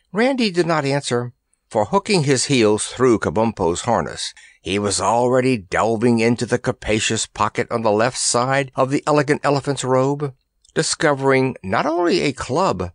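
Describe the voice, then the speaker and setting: A man narrating a children's fantasy audiobook in a measured, expressive storytelling manner, close to the microphone. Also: medium pitch, dry recording. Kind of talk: reading a children's fantasy novel aloud.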